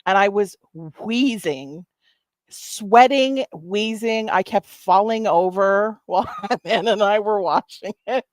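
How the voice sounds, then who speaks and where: A woman's voice: mid-range voice, takes it slowly, dry recording. A woman streamer reacting to videos, laughing a lot and swearing as she talks to her chat.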